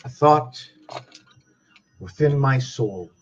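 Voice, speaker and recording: Slow, musing man on a dull recording. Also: medium pitch, lively intonation. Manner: slow, ponderous, asks himself questions aloud. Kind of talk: musing spiritual monologue.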